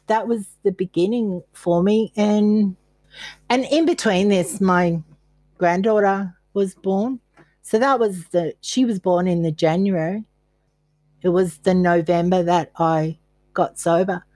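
An older Australian woman, a guest on a podcast, tells her personal story candidly, mocking herself and acting out her past thoughts by quoting her earlier self. Her medium-pitched voice is unhurried with a dark tone, and there's no room sound.

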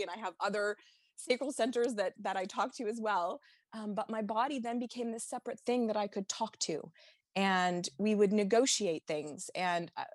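A woman's voice: mid-range voice, no room sound. Woman sharing candidly, dry sound. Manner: open, emotional, laughs while recalling. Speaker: podcast guest. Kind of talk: candid personal storytelling.

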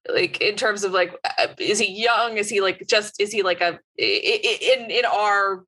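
A woman with a bright, crisp voice chatting casually during a game session. She rambles through her thoughts and leans on "like" over and over. Her pitch stays in an ordinary middle range. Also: moderate pace, poor audio. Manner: rambling, lots of "like". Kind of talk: casual chat.

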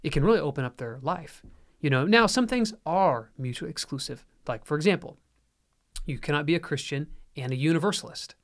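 A man's voice: a little high, expressive, brisk. A man co-hosting a Christian marriage podcast with his wife, explaining ideas earnestly with frequent fillers and restarts. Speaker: podcast co-host. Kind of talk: casual faith and marriage podcast talk.

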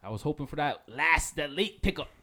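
A man in casual podcast banter whose pitch swings widely as he jokes and swears. He talks loud and blunt, riffing with friends around the mic. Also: a little fast. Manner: loud, profane, animated banter. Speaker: podcast co-host. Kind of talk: casual chat.

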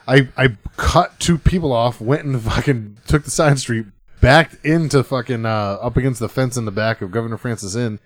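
Profane, animated male storyteller. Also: medium pitch, normal speed, no room sound. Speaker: podcast co-host. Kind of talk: casual storytelling chat.

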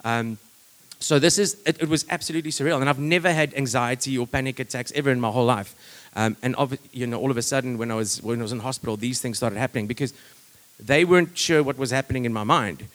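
A man's voice: medium pitch, fast talker, fairly bright tone. A man giving a personal testimony in a rambling, conversational way, full of fillers and restarts.

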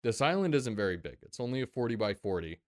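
A man's voice: medium pitch, big pitch swings, fast talker, darkish tone, dry recording, clean studio sound. A man narrating a tabletop game as game master, laid-back, laughing often and swearing casually.

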